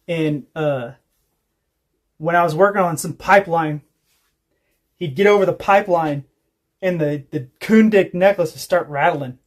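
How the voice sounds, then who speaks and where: A man's voice: on the high side, unhurried, pauses often. A man, telling rambling, profane stories while chatting on a casual homestead livestream. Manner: rambling, profane storytelling with laughs. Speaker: homestead vlogger.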